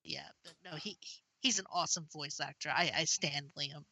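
A woman's voice: low voice, expressive, pushed and bright, breathy edge, rough recording. A woman co-hosting a podcast in casual chat, eager and talkative, often restarting her sentences. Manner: eager, chatty, quick self-restarts. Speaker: podcast co-host.

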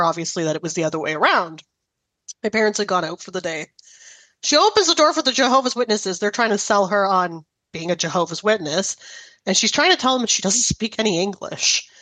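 A woman's voice: medium pitch, no room sound. Woman host, casual storyteller, dry close sound. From Italian-American family. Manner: animated storytelling. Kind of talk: casual chat.

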